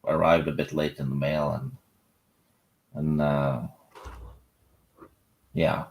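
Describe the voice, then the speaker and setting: A man's voice: a bass voice, flat delivery, slow pace, a little hiss or hum. A man co-hosting a casual live-stream chat, blunt and dry, hesitating with many fillers. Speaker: podcast co-host.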